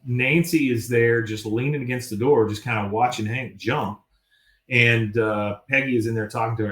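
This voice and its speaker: A man hosting a podcast, recapping an episode with animated storytelling and acted-out quotes. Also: medium pitch, normal speed, echoey room. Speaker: podcast host.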